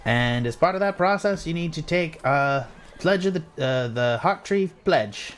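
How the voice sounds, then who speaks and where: A man voicing a stern male gate official who speaks formally and recites oaths in a slow, commanding way. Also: on the high side, expressive, pitched above the performer's own voice. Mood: formal, brisk.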